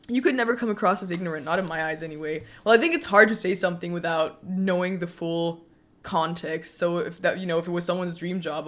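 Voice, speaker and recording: Low-pitched young woman chatting on stream. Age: 20s. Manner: chatty, frequent laughs, speaks warmly to chat. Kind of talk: casual chat with viewers.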